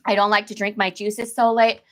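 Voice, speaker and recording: This detox coach talks a little fast with a flat delivery at medium pitch. In her casual live-stream chat with viewers she still comes across as emphatic, repeating phrases and using "baby" and "girl."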